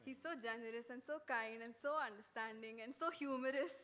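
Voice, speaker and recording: A woman's voice: a little high, a little fast, fairly bright tone. A young woman giving a thank-you speech to her teacher, grateful and laughing lightly between phrases. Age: young adult.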